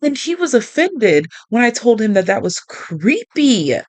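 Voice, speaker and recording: A woman's voice: on the high side, sing-song, measured pace, dry recording. A woman chatting directly to her viewers, telling a story in a casual way. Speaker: vlogger.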